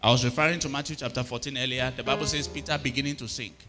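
A man's voice: mid-range voice, steady tone, rapid-fire, in a large hall, music in the background. A middle-aged male pastor preaching a sermon and often asking the congregation if they are hearing him. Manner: preaching with repeated call-outs to the congregation.

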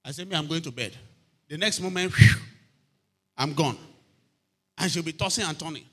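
Telling a story from the pulpit, a pastor repeats phrases and keeps asking the congregation if they are hearing him. He speaks at normal speed with frequent pauses, his voice a little high and a bit bright.

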